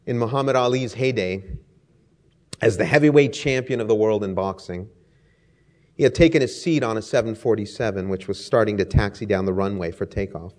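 A man's voice: lowish voice, fairly quick, a little mellow. A man preaching a sermon, speaking emphatically with rhetorical lists and stories. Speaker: pastor.

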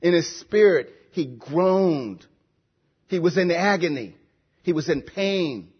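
A man preaching a sermon with emphatic, repetitive phrasing and slow, drawn-out lines. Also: fairly high pitch, animated, slightly rough, lo-fi sound.

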